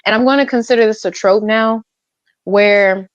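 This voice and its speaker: A woman giving her views on a gaming talk show, measured and hesitant with many fillers. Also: medium pitch, no room sound. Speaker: podcast panelist. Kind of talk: casual gaming chat. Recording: dull lo-fi mic.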